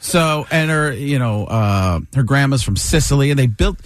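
Lively storytelling man. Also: medium pitch, normal speed, a little hiss or hum. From Wisconsin. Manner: animated, laughing storyteller who acts out voices. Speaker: comedian guest. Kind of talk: casual storytelling interview.

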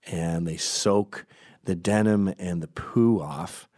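A man with a deep, darkish voice speaks slowly through a crude comic monologue. He digresses constantly and keeps interrupting himself to correct what he just said.

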